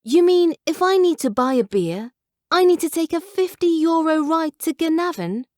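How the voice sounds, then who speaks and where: A woman's voice: very high voice, animated, moderate pace, darkish tone, dry recording, studio quality, voice pushed up. A woman reading the lines of a tired young nurse, plain and direct, in an audiobook.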